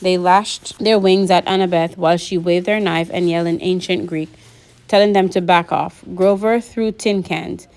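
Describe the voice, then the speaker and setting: A woman narrating a novel aloud in a lively audiobook reading, voicing the characters. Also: fairly low pitch, moderate pace, clean tone.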